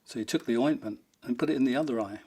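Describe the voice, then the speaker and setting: Guitarist guy spinning funny road stories, rambly and amused, mid pitch. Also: fast, background noise. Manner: rambling, amused, breaks into laughter, fond of the subject. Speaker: rock guitarist telling stories. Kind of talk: anecdotal storytelling in an interview.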